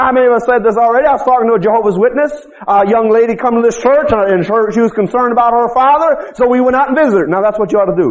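High-voiced folksy preacher, lo-fi. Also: male voice. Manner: folksy, repetitive preaching with calls to the congregation. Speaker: pastor. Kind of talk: sermon.

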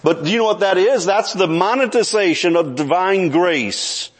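Male pastor, high voice, conversational sermon delivery with frequent restarts. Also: expressive, moderate pace, slightly rough.

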